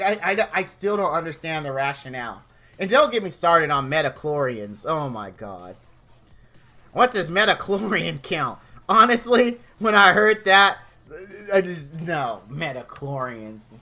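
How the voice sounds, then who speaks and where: Animated, exasperated ranting man. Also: on the high side. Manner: acts out made-up quotes in goofy voices. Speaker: streamer. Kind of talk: comedic rant.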